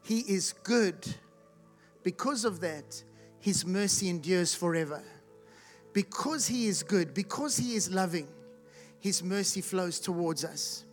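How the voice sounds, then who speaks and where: A preacher giving a sermon to a live congregation, asking rhetorical questions and calling for responses, at times rising to loud shouts. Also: mid-range voice, expressive, measured pace, faint music behind. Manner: rises to loud shouts when acting out the blind man's cries. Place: church hall with live congregation.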